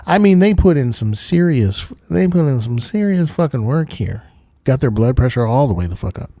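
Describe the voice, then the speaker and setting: A man's voice: mid-range voice, moderate pace, dry recording, studio quality. A man hosting a casual call-in livestream, joking and swearing freely. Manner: profane, joking, animated. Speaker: livestream host. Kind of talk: casual call-in stream chat.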